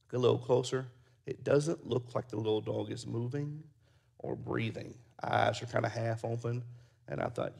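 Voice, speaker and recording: A pastor preaches with a gravelly, creaky voice at an average male pitch. He tells folksy stories, then settles into quiet prayer. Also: steady tone, moderate pace. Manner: folksy storyteller, soft and prayerful at close. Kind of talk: sermon with storytelling.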